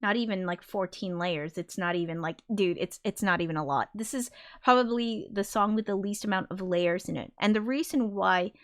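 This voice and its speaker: A woman's voice: mid-range voice, normal speed. A woman hosting a casual livestream, thinking aloud as she explains her songs and now and then singing a line to show what she means. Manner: demonstrates by briefly singing lines. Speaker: livestream host and songwriter.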